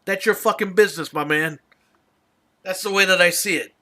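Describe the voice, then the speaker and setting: A man's voice: sits high, normal speed, sharp tone. A man hosting a casual podcast, telling an exasperated, profanity-laced story in a ranting chat. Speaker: podcast host.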